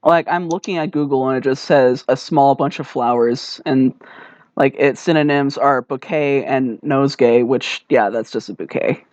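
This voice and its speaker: A man's voice: medium pitch, normal speed, darkish tone, no echo. A man co-hosting a podcast in casual chat, laughing often and swearing casually. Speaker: podcast co-host. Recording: dull lo-fi dry sound.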